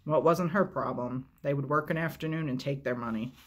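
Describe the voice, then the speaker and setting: A man reads a novel aloud as a storyteller, in a steady, measured, unhurried way. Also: mid-range voice, a little hiss or hum.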